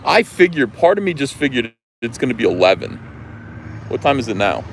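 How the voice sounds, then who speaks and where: A man with a New Jersey accent hosting a livestream outdoors, chatting casually in an animated, rambling way. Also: medium pitch, fairly quick, slight background noise. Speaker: livestream host. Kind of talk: casual chat.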